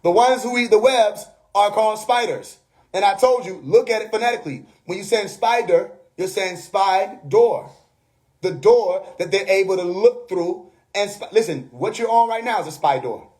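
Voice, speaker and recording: Man, high voice, preachy livestream host, laughs a lot, keeps checking in with viewers. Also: normal speed, darkish tone. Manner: preachy, laughing often, repeats "you know what I mean". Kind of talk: casual livestream monologue. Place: bedroom.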